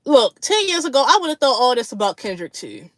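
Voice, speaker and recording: A woman's voice: high-pitched, big pitch swings, fairly quick, a bit bright, no room sound. A woman hosting a casual livestream chat with her viewers, blunt, slangy and profane, laughing often between remarks. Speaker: livestream host.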